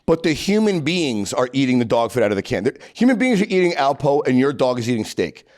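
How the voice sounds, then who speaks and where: Wisecracking male podcast host, lively pitch. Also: fast talker. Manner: wisecracking, mocking. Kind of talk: casual podcast banter.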